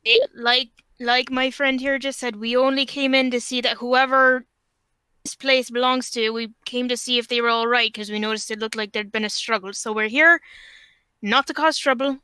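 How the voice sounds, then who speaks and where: Woman player, bright and sharp voice, smooth and crisp, dry close sound, firm in-character talk. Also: on the high side, steady tone, normal speed, no echo. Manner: firm, matter-of-fact. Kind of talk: in-character tabletop play.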